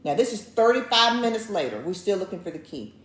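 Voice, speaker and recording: Speaking quickly at a medium pitch, this co-host of a couples show relays a story to her audience with casual animation, performing each quoted line. Faint noise hums in the roomy recording.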